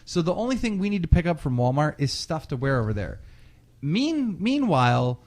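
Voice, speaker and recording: A man's voice: a little high, moderate pace. A young man hosting a podcast, telling a story in a casual, profane way and acting out what people said. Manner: animated, profane, acts out quotes. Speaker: podcast host.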